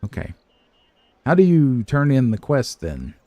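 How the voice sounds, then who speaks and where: A man's voice: medium pitch, very animated, unhurried, warm tone, no room sound, highs cut off. An older man giving casual, hesitant commentary as he plays a video game, chatting to himself and poking fun at his own fumbling. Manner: chatty, hesitant, self-deprecating, talks to himself. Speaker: game streamer.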